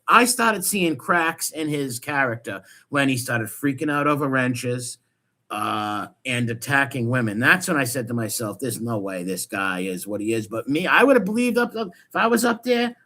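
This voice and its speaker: Gravelly, mocking male stream host. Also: fairly high pitch. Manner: crude, mocking, loud outbursts. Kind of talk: casual ranting commentary.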